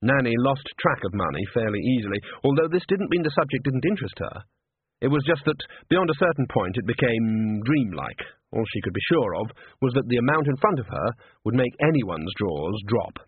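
A man reading a novel aloud in measured, suspenseful narration. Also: mid-range voice, sing-song, husky, no room sound. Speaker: audiobook narrator. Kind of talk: scripted narration. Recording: dry, tinny phone-like audio.

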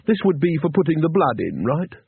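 A man playing a worn-out, jittery male wizard in a storybook reading, exasperated and on edge. His voice is husky, and the sound comes through thin and tinny like a phone line, dry and close. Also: fairly high pitch, sing-song, fairly quick, no room sound, exaggerated voice. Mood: anxious. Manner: weary, exasperated, nervous. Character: weary, anxious cowardly male wizard. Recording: tinny narrow-band recording.

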